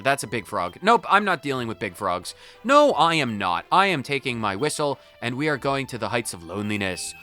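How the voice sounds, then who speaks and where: Bright, lively man playing a game. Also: medium pitch, fairly quick, soft background music. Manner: excitable, rambling, playful. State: hopped up on caffeine. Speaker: let's play host. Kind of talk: gameplay commentary.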